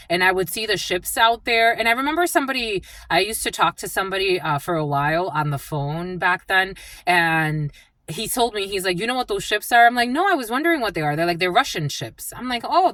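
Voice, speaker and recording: Woman psychic reader, slow and halting, lively pitch, dry close sound. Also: dry recording. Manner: halting, repeats words as they come to her. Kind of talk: channeled collective reading.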